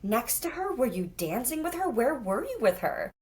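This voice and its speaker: A woman hosting a reflective conversation who guides it with curious, gentle questions. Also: a little high, sing-song, moderate pace. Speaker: host guiding the conversation.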